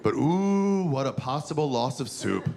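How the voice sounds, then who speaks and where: A man in his forties doing a crude, animated stand-up comedy set on a theater stage, acting out characters as he tells stories. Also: medium pitch, measured pace, vocal fry, over music. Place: theater stage before a live audience. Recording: noisy live room with audience laughter.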